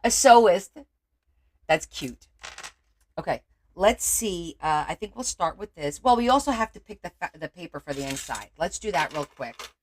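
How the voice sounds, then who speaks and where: A woman's voice: deep voice, animated, normal speed. Chatty woman hosting a craft livestream. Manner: chatty, teasing, greets viewers by name. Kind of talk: casual livestream chat while crafting.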